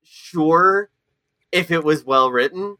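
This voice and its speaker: A man's voice: a little high, slow, pushed and bright, no room sound, clean studio sound. A man co-hosting a comedy podcast, talking casually and hesitantly with many restarts. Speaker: podcast co-host. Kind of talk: casual chat.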